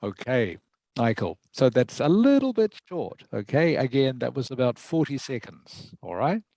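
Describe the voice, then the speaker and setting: A man's voice: mid-range voice, big pitch swings, moderate pace, vocal fry, mellow, no room sound, rough recording. Patient man teaching an online English class. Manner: patient, encouraging, checks understanding often. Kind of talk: online lesson feedback.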